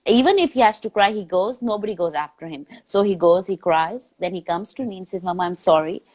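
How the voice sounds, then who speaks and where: A woman's voice: mid-range voice, lively intonation, a little fast. A woman in her thirties hosting a podcast interview, talking casually and with feeling, often restarting her sentences and laughing. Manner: warm, chatty, laughs often, many restarts. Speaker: podcast host.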